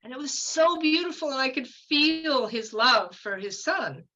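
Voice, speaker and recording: Woman, 50s, podcast guest; bright, slightly high voice; rambling, chatty storyteller; slightly dull audio. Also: lively intonation, unhurried. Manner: chatty, meandering, full of fillers and asides. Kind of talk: casual storytelling.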